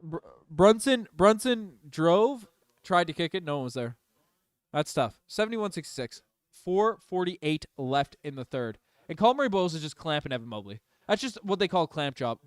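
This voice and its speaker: Excitable young man calling plays as a fan. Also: fairly high pitch, smooth, dry recording, clean studio sound. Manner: partisan, swings between rapid calls and loud outbursts. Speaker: fan play-by-play streamer. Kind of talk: excited fan play-by-play commentary.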